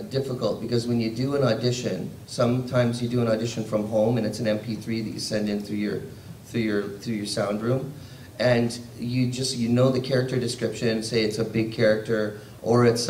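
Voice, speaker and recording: A man's voice: mid-range voice, distant mic, slight background noise. A man, a voice actor, telling jokey stories at a convention panel. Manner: lively, jokey, drifts into quick voices. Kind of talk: animated panel storytelling. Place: large convention panel room. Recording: roomy convention hall.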